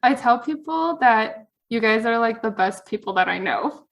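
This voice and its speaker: A woman's voice: on the high side, lively intonation, moderate pace, a little hiss or hum. A woman chatting casually as a podcast guest, earnest and rambling, with lots of fillers. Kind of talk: casual chat.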